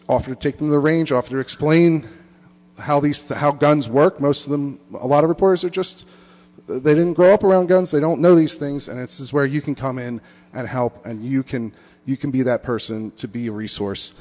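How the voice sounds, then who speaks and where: A man giving an earnest advice speech to an audience, halting and restarting his phrases. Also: a little high, darkish tone. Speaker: conference speaker. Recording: long hall reverb.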